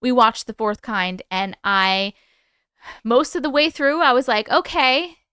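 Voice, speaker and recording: Chatty woman streamer, high and super animated voice, swears a lot. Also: a little slow, smooth, no echo, clean studio sound. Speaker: host reading viewer stories. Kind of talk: casual live-stream chat.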